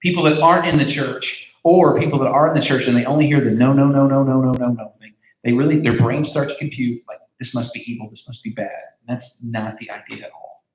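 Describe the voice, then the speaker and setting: A man's voice: mid-range voice, a little fast. A man giving a casual youth group talk as pastor, conversational, with many fillers and repeated words. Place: large room with a group. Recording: echoey room.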